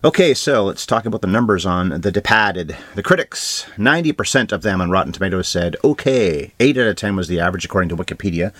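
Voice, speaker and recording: A man co-hosting a film podcast, running briskly through award trivia and box office numbers with dry asides. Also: low-pitched, animated, a bit bright, dry recording. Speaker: podcast co-host. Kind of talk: casual film review chat.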